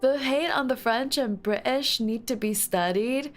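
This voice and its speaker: A woman's voice: on the high side, unhurried, faint music behind. A woman streamer chatting casually with her viewers, playful and giggly, breaking into squealing outbursts now and then.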